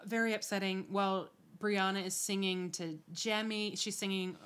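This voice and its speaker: A woman co-hosting a podcast, casually recapping a TV episode, animated and swearing freely. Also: mid-range voice, moderate pace, a little hiss or hum. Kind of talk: casual chat.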